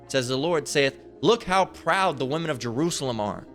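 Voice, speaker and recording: Man, street preacher, profane Bible rant, mid-pitched voice, stammering restarts, keeps tagging "right?", soft music behind. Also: lively intonation, a little fast.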